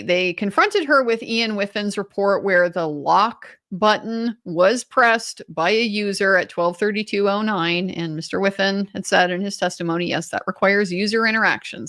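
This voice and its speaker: A middle-aged woman gives live legal commentary with a sardonic, pointed edge. Her pitch sits in a middle range, and the recording is close and dry, with no room sound. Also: fairly bright tone, no echo. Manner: sardonic, pointed, mimics witnesses. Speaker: attorney commentator.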